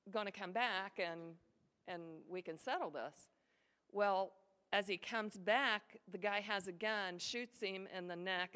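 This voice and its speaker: A woman's voice: mid-range voice, fairly bright tone, clear, resonant tone. A woman retelling a testimony story in a conversational way, acting out the voices of the people she quotes. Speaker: ministry volunteer sharing a testimony. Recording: long reverb of a large hall.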